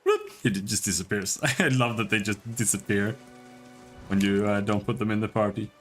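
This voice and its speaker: A man streaming a game, reading its narration aloud in an even way, with casual asides. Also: fairly low pitch, moderate pace, soft background music. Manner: reads narration evenly, with asides. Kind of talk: reading game text aloud while playing.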